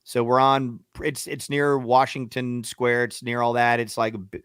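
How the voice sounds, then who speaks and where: A man co-hosting a radio show, telling a story with animated, profane energy and acting out arguments. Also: medium pitch, moderate pace, smooth, dry recording, studio quality. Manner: profane, acts out shouting matches in quotes.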